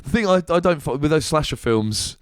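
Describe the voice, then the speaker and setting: A man's voice: on the high side, animated, fairly quick, clean tone, no room sound. Rambling man, dry close sound. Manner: rambling, swearing, laughs often, restarts. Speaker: podcast host. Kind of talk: casual comedic chat.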